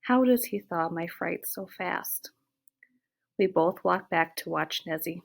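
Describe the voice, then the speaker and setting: Woman reading an audiobook, lowish voice. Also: slow pace, gravelly. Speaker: audiobook narrator. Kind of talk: first-person audiobook narration.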